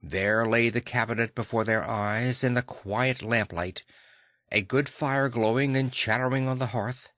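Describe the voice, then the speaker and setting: A man narrating a classic novel audiobook in a measured, dramatic way on a close microphone. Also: medium pitch, fairly even intonation, fairly bright tone, no room sound.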